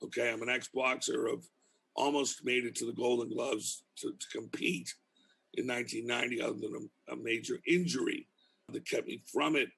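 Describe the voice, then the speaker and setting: Man with a Boston accent, gravelly, husky, blunt, podcast guest in his fifties. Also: medium pitch, fairly even intonation, normal speed, fairly bright tone. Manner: blunt, anecdotal, restarts phrases often. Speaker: podcast guest, criminal justice professor. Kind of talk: casual podcast conversation.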